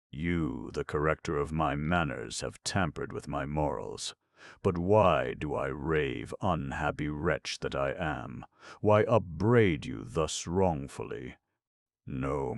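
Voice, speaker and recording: A desperate young lady begs her old servant in tearful, impassioned outbursts, as a man reads her part. His voice stays very deep and gravelly, set close in a dry booth. It is an audiobook character reading. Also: no room sound, full character voice.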